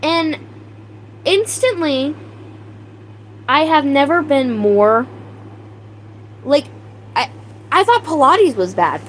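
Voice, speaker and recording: High-voiced young woman, streamer telling a story to chat with playful mock outrage. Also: takes it slowly, long pauses, slight background noise, low-quality recording. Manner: animated, exaggerated outrage, laughing, reads chat names aloud. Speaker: livestream host. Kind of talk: casual storytelling to live chat.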